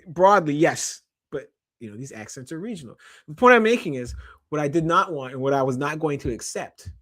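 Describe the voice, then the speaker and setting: A middle-aged man from Canada, a podcast guest and author, talking in an animated, emphatic way. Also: mid-range voice, dry recording, studio quality. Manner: animated, emphatic storytelling with laughs. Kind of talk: casual podcast conversation.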